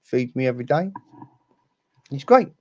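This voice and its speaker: A man's voice: sing-song, moderate pace, mellow, dry recording, lo-fi sound. A man voicing a cheerful male pet dog in a told joke, speaking in a raised, chatty voice. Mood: contented. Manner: chatty, contented, higher-pitched.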